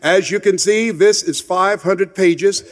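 A man telling a motivational story with passion, swinging between loud emphatic lines and hushed ones. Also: sits high, slow, long reverb tail, slight background noise. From United States. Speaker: motivational speaker.

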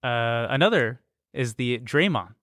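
A young man co-hosting a casual comedy podcast, teasing his co-host with quick jokes and interjections. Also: mid-range voice, animated, fairly bright tone, dry recording, studio quality.

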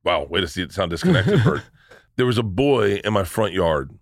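A man's voice: on the low side, moderate pace, gravelly, dry recording, studio quality. A man casually telling rambling, profane stories as a comedian guest on a podcast. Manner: rambling, profane, animated storyteller.

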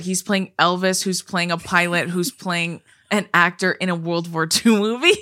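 Bright-voiced young woman, animated co-host. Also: fairly low pitch, moderate pace, no echo. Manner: animated, swears a lot, shrieks with laughter. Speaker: podcast co-host. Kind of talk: casual chat.

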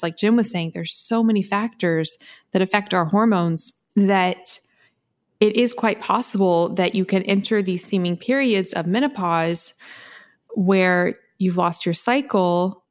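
A woman co-hosting a podcast, talking casually and quickly with frequent laughs and restarts. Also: on the low side. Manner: chatty, fast, laughs often, many restarts. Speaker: podcast co-host.

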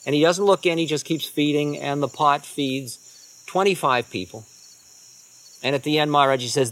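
Man telling rambling spiritual stories. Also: on the high side. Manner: unhurried, rambling anecdotes with soft trailing asides. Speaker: spiritual teacher. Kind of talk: storytelling talk.

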